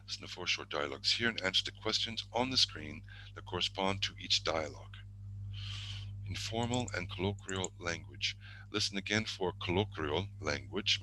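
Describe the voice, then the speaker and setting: Deep bright-toned man teaching online. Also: low-quality recording. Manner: thinking aloud, self-correcting, murmured asides. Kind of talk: online exam-prep lesson.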